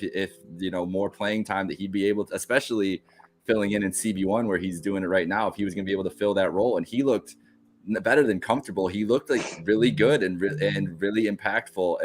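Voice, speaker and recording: A man co-hosting a podcast, analysing the team in casual chat with many restarts. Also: deep voice. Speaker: podcast co-host.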